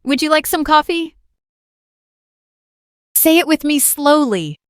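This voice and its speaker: High-pitched woman teacher, super slow and clear, repeats stuff for learners, dry close sound. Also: animated, dry recording. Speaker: English teacher. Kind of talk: slow beginner English lesson. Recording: dry close voice with faint music. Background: faint background music.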